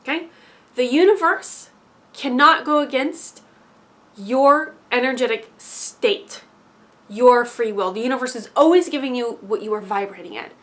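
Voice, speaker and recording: A young woman talking straight to camera in an emphatic motivational monologue, swinging between loud insistence and hushed asides. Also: on the high side, unhurried. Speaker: spiritual vlogger.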